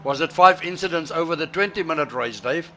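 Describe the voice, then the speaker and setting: A man's voice: a little high, pushed and bright, slight background noise. A man streaming a sim race, chatting and teasing his friends over voice chat, often restarting his words. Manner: halting, repeats words as he restarts. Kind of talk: casual chat over voice chat while racing.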